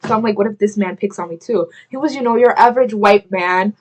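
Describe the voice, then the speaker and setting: Getting ready at home, a young vlogger rambles through a story in her mid-range voice, leaning heavily on "like." She breaks off mid-thought, is quick to say sorry, and throws chatty asides at the camera, with slight background noise present.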